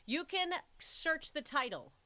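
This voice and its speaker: A woman co-hosting a casual podcast, telling stories with emphatic, animated delivery. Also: high voice, unhurried. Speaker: podcast co-host. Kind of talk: casual chat.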